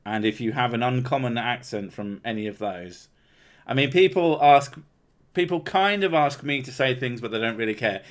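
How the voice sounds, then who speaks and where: A man's voice: mid-range voice, normal speed. A man with a southern English accent from the Home Counties, hosting a casual livestream chat, loose, joking and full of swearing. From Home Counties, England. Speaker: streamer host.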